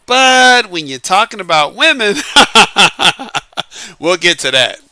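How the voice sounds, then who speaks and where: A man's voice: sits high, very animated, slow pace, bright, forceful tone, clean tone, dry recording. A man from New Orleans with a light Southern accent, talking through dating advice in a casual, emphatic monologue, repeating his points and chuckling between them. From New Orleans, Louisiana.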